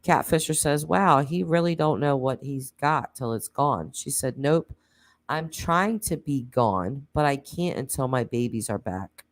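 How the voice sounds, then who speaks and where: In a rumbling low voice, a woman who hosts a true crime channel reads text messages aloud plainly. She pauses now and then and drops in casual asides.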